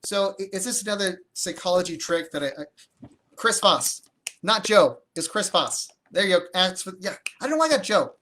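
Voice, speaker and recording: During a livestream, a man coaches viewers on real estate deals in live-streamed teaching that takes in their comments. He's energetic and conversational, often restarting his sentences. His voice is high-pitched, animated, and sharp in tone, at normal speed.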